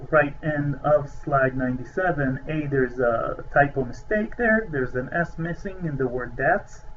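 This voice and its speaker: A man's voice: mid-range voice, highs cut off, slight background noise. A man giving a recorded lecture over slides, hesitant with many filler sounds, stressing key terms.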